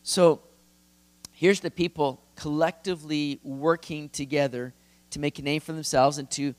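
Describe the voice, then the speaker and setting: A man's voice: on the high side, steady tone, moderate pace. A male pastor giving an expository sermon in a conversational, earnest, emphatic way.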